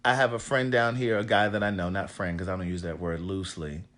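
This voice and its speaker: A raspy-voiced man from Maryland, an author hosting a casual livestream from a hotel room and greeting viewers by name. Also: sits low, flat delivery, a little fast, fairly bright tone.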